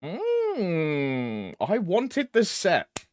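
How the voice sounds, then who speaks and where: Slangy young streamer, high lively voice. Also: male voice, extremely slow. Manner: greets chat by name, laughs often, slangy. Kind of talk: casual live-stream chat.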